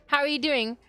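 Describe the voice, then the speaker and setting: Her voice sits in the mid-range with a fairly bright tone and no echo as this thirty-something streamer keeps up casual, lighthearted banter with her audience and her cat. She's in a home streaming room, recorded close and dry over background music.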